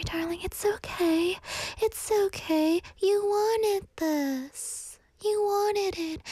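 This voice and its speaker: A woman's voice: very high voice, a little mellow, dry recording, pitched above the performer's own voice. Woman doing a clingy toxic girlfriend, shrieking. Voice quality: breathy pleading, sudden shrieks. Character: clingy toxic young girlfriend, pleading then screaming.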